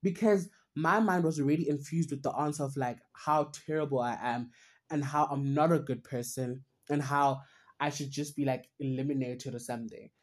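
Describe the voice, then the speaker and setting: A woman's voice: deep voice, a little mellow. A young woman hosting a podcast, talking earnestly and at length about her own struggles in a rambling, self-searching way. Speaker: podcast host. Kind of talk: personal reflective monologue.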